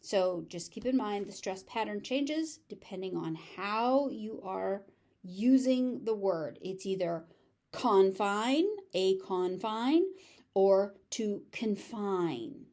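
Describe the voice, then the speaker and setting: Slow, patient American woman teaching pronunciation. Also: medium pitch, lively intonation, dark tone. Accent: General American. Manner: patient, repeats each word several times with careful stress. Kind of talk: pronunciation lesson, repeating words slowly.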